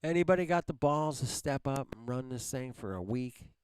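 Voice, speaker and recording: A man's voice: medium pitch, lively intonation, normal speed, clean tone, no room sound. A man hosting a livestream, ranting angrily at his viewers in heavy profanity and ending phrases with "man". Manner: heated, heavily profane, repeats "man". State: angry. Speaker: livestream host. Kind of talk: angry livestream rant at viewers.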